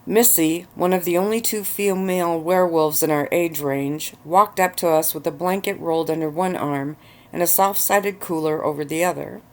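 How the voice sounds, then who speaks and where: A woman relaxing on a bed of pillows, reading her own story aloud in a relaxed ASMR-style narration. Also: fairly low pitch, moderate pace.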